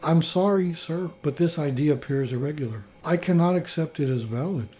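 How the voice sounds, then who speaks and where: A calm, courteous shop manager lady with a fairly high, mellow voice, read by a man. she stays even and polite, in a plain training role-play. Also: fairly quick, close to an everyday voice.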